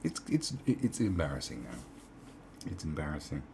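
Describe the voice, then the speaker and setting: A man's voice: a bass voice, huge pitch swings, normal speed, gravelly, darkish tone, slight background noise. A man giving sarcastic, profane commentary as he reads an article aloud, with mocking asides. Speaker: online commentator.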